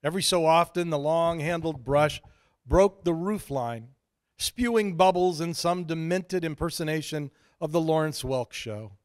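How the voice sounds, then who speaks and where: A man's voice: a little high, measured pace. A man from Idaho telling a wry, self-deprecating story as a preacher in a sermon. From Idaho, USA.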